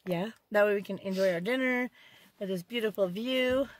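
A woman's voice: medium pitch, moderate pace. Upbeat mom vlogger, chatty and playful, talking from her parked car. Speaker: vlogger and mother. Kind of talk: casual family vlog chat.

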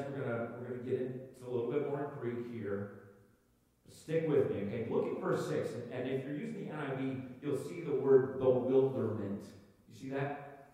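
A man preaching a sermon as pastor, conversational, with frequent restarts, sometimes raising his voice to act out a crowd. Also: warm tone. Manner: acts out crowd voices with raised pitch. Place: church sanctuary. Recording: echoey hall, from far off.

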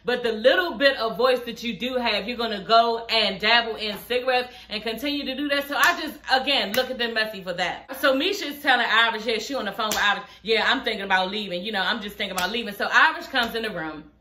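A woman's voice: fairly high pitch, brisk, few pauses, pushed and bright, roomy sound, a little hiss or hum. A young woman, blunt and profane, recapping a reality show in a casual, sassy chat. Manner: sassy, blunt and profane, laughing through the retelling.

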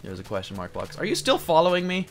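A man's voice: on the high side, huge pitch swings, quick pace, creaky, background noise. A young man giving chatty Let's Play commentary, rambling and yelping when monsters jump him. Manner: chatty, jumpy, yelps at monsters. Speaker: gaming video host.

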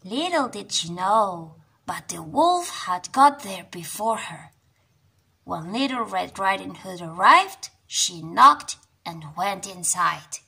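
A young woman tells a children's storybook, swinging into whispers and gasps. Her voice is high and bright, with a husky, gravelly edge, and she takes it slowly. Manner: animated, gasping, dropping to whispers. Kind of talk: reading a children's storybook aloud.

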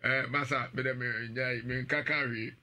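A male radio host, bantering lively and reading out live viewer comments, laughing often. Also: mid-range voice, moderate pace. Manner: animated, laughing, shouting out viewers.

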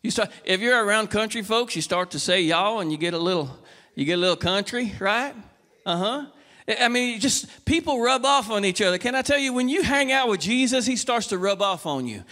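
A man preaching a folksy sermon, asking the congregation questions and moving from quiet, casual talk to raised, urgent calls. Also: high voice, expressive, a little fast, big-room sound. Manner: swings between soft conversational talk and raised, urgent exhortation. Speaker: pastor. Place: church sanctuary.

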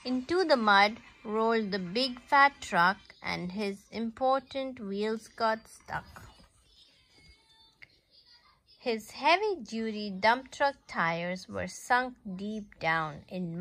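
A woman reading a picture book aloud to her child in a slow, sing-song way, making the animal sounds. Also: medium pitch, lively intonation, fairly bright tone.

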